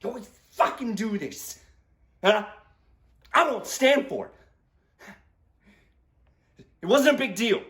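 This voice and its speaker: A man's voice: high-pitched, animated, normal speed, a bit bright, breathy edge, exaggerated voice. An actor playing a man who swears and pleads, begging his former partner to take him back. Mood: defensive. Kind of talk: dramatic monologue, voicemail.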